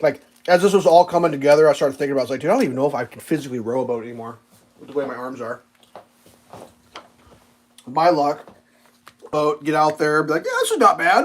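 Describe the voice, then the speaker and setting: A man's voice: fairly high pitch, quick pace, a little mellow, a little hiss or hum, low-quality recording. A young adult man chatting casually on a livestream, telling rambling, profane stories and acting out quoted voices. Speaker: livestream host. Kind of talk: casual live-stream chat.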